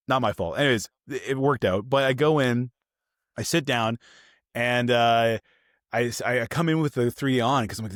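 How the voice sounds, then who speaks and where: Animated man telling a rant story. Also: mid-range voice, brisk, no room sound, clean studio sound. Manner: animated storytelling, acts out quoted people. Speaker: podcast co-host. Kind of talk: casual film review chat.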